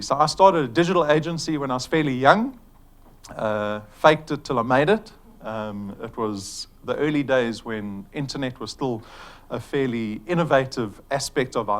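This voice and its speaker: A middle-aged man from South Africa giving a chatty business presentation to an audience, joking now and then, with fillers. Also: mid-range voice. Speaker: company executive presenting to an audience.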